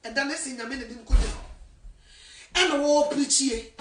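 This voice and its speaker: A woman evangelist from Ghana, preaching fervently and swinging between shouting and a hush. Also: high voice, normal speed, distant mic, a little hiss or hum. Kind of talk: impassioned sermon. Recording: echoey room, voice from afar.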